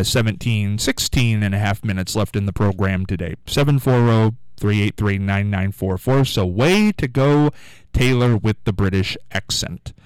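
Man, radio talk host, casual rambling chat, lively pitch, dry close sound. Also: clear, resonant tone, dry recording, poor audio. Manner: chatty, rambling, repeats himself.

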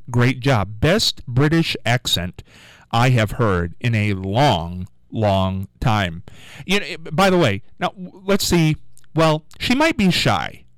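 A male radio host at a studio mic, talking in a loose, rambling way with a lively, up-and-down pitch. The sound is close and dry, with no room around it. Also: dry recording, rough recording. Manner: chatty, rambling, repeats himself. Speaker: radio talk show host. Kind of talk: casual call-in radio talk.

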